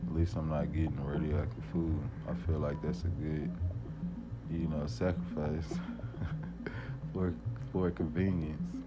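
Very deep voiced guy just rambling casually, lots of "like", muffled lo-fi sound with loud music behind. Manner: loose, filler-heavy, says "like" and "y'all" often. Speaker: podcast host.

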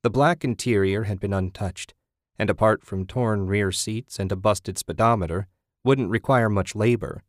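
A man narrating a novel in a steady, measured voice that sits on the low side. The recording is dry and close, with no room sound around him. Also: no echo. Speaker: audiobook narrator. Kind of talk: scripted narration.

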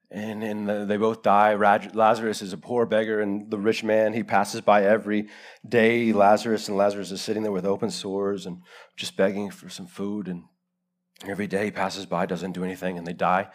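A man preaching a live sermon in a church, swinging between loud urgency and hushed gravity. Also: lowish voice, little pitch movement, moderate pace. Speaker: pastor.

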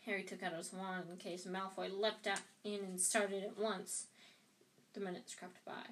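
A woman's voice: mid-range voice, level tone, normal speed, a bit bright, a little hiss or hum. A woman reads a novel aloud at home-reading pace. She often stumbles and restarts phrases, with a plain, unpolished delivery. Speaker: reader.

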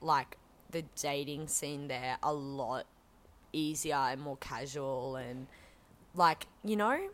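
Low-voiced woman host, quick reactions. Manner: reactive, supportive, quick interjections. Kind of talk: casual chat.

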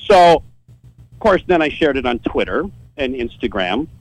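A man's voice: medium pitch, moderate pace, vocal fry, poor audio. A man talking as a podcast guest from his home office. He tells a story casually and with lots of energy, swearing often and laughing in between. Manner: profane, animated storytelling with laughs. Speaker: guest, site owner.

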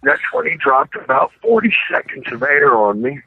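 A man's voice: medium pitch, normal speed, breathy edge, no echo. An older man, a former pro wrestler, telling rambling stories as a guest and acting out other people's voices. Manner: rambling, animated anecdotes with acted-out voices. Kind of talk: casual storytelling by phone. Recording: tinny phone line.

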